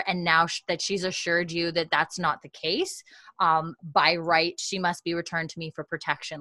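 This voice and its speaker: A woman podcast host retelling a story in casual chat, her talk loose and full of fillers as she slips in quoted lines. Her voice sits a bit low but sounds bright and forward. The recording is close and dry, with no room echo. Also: level tone, moderate pace. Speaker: podcast host recapping an episode.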